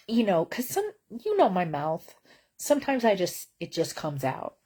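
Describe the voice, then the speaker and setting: A woman's voice: lowish voice, big pitch swings, normal speed, dark tone, husky. A woman vlogging from bed at home in casual chat, wry and blunt, rambling with lots of fillers.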